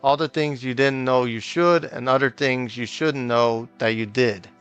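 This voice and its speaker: A man's voice: medium pitch, fairly even intonation, measured pace, a bit bright, clear, resonant tone, lo-fi sound, faint music behind, natural voice. A man reading aloud the lines of an earnest young woman from a video game, in his own plain voice. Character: earnest young woman confessing her worries.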